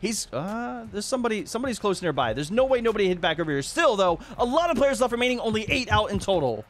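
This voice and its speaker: A man giving excited, laughing commentary over his own gameplay as a video host, jumping between shouting and muttering. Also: high voice, quick pace. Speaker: gaming YouTuber.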